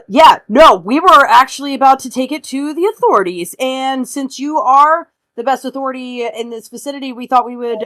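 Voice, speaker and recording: A woman's voice: a little high, fairly bright tone, no room sound, pitched above the performer's own voice. Woman doing a paranoid, theatrical kid; dry close mic. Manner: theatrical, mock-serious. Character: suspicious, dramatic young boy who sees enemies everywhere.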